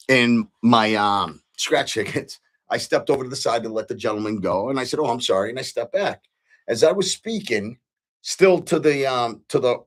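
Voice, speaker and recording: A middle-aged man hosting his own show, telling a story in a casual, earnest way with frequent ums and restarts. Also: medium pitch. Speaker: podcast host.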